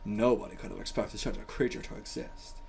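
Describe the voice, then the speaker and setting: A man hosting a casual manga reaction, excitable and loose-tongued, swearing freely and laughing often as he comments. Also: on the low side, brisk, creaky, a little hiss or hum.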